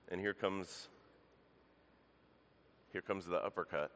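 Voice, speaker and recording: Man, pastor, earnest sermon, lowish voice, long church reverb. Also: measured pace, pauses often, a bit bright. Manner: earnest preaching, addressing the congregation as church. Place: church sanctuary.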